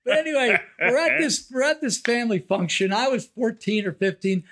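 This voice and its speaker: A man's voice: very high-pitched, fairly quick. An older man co-hosting a podcast, telling family stories in casual chat and acting out the quotes. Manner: animated storyteller, acts out quotes in a raised voice. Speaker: podcast co-host.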